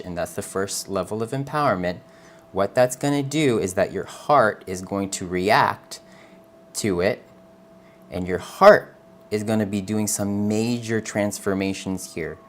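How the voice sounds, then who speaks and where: This tarot reader, a man whose voice runs on the low side, reads cards live for an audience in a soft, sincere, comforting manner. "Honey" and frequent "okay?" check-ins pepper his speech, and a faint hiss or hum sits in the recording.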